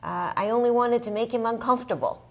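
A woman's voice: on the high side, quick pace, pitched above the performer's own voice, close to an everyday voice. A woman quoting a student who plays a former president and protests his innocence. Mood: protesting. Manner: animated, protesting.

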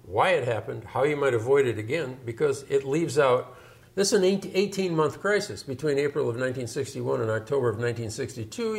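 A man explains history in a vivid, emphatic way and leans on key numbers. His voice sits at a middle pitch. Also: gravelly. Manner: emphatic, storytelling. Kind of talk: explanatory discussion.

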